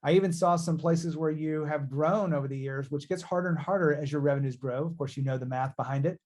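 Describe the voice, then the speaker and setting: A man's voice: on the high side, quick pace, a little mellow. A man hosting a business interview podcast, asking questions and adding coaching asides to the listeners. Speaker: podcast host.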